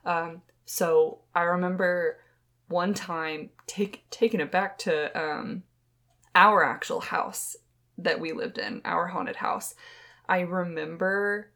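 A woman's voice: lowish voice, fairly even intonation, slow, bright, forceful tone. A young woman hosting a podcast, telling ghost stories in a rambling, chatty way with lots of fillers, close to the microphone. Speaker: podcast co-host. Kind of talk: casual storytelling chat.

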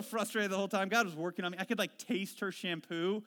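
A man preaching a sermon, telling self-deprecating stories that swing from quiet reflection to animated retelling. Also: high voice, quick pace, few pauses. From Washington State. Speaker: pastor.

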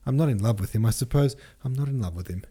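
A man reading an audiobook, voicing an excited, earnest young woman who pleads eagerly. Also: medium pitch, fast talker, breathy edge, pitched above the performer's own voice, lightly acted. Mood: pleading.

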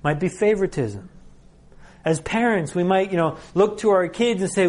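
A man's voice: high-pitched, normal speed, a little mellow. A middle-aged man giving a conference sermon in a conversational way, acting out quoted lines. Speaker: conference speaker.

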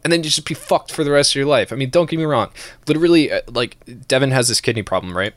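Man, casual podcast co-host, swears a lot, animated rant, dry close mic. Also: medium pitch, quick pace, no room sound. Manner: profane, animated ranting with laughs. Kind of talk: casual chat, ranting.

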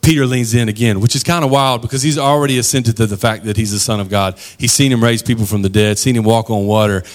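Male pastor, sermon, casual conversational delivery, slangy asides, mid-pitched voice. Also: fairly even intonation, fast.

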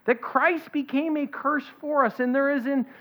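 A woman preaching an expository sermon, reading scripture aloud and stressing its points in a deliberate way. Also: high-pitched, fairly even intonation. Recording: dull lo-fi recording.

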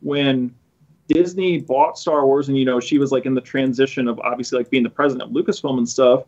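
This male podcast host speaks in a mid-range, steady voice that is brisk and a little mellow, over dull audio. He chats casually and rambles, restarting often and tossing in sarcastic remarks.

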